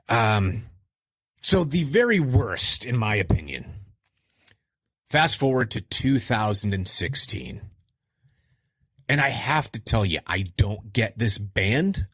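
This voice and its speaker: A middle-aged man rambles through a casual podcast chat, his low, husky voice leaping high whenever he wants to stress a point. The sound is close and dry, with almost no room around it. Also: no room sound. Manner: animated, self-deprecating, jumps in pitch for emphasis. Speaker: podcast host. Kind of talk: casual solo podcast talk.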